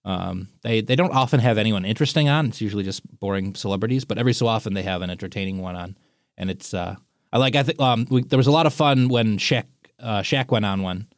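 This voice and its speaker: An easygoing man with a low voice co-hosts in casual chat and laughs along with the others. The sound is dry and close. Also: fast talker, no room sound.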